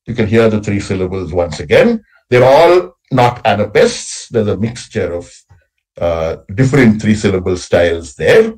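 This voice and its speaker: A man's voice: fairly low pitch, very animated, moderate pace, a little mellow, husky, low-quality recording. A man lecturing on poetic meter at a college workshop, explaining patiently and checking in with a frequent "right?". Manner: explanatory, frequent tag "right?", recites lines with exaggerated stress.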